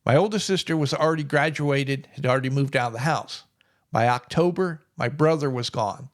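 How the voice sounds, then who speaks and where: A man's voice: medium pitch, normal speed. A middle-aged man telling a personal story in a plainspoken, wry way. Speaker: vlogger.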